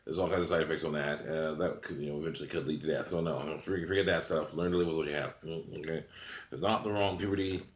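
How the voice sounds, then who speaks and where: A deep-voiced man rambles through a casual monologue, chuckling often between his sentences. His voice is low and carries a roomy echo, as if he is recording in a bare room. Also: steady tone, fast. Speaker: channel host.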